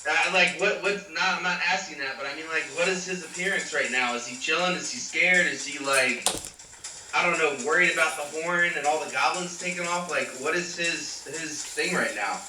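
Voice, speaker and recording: A man's voice: on the high side, moderate pace. A man joining a tabletop role-playing game, asking loose, casual questions. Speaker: player. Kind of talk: tabletop role-play chat. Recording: roomy and distant, faint noise.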